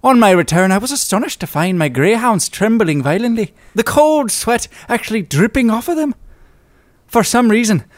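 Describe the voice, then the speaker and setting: A genteel old Irish gentleman tells his tale in a florid, old-fashioned way, as a man puts on the voice. The accent lilts, and the voice sits fairly high. The sound is dry and close. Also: lively intonation, very slow, hardly any pauses, clean tone, dry recording, heavily acted. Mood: solemn. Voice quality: put-on lilting Irish accent.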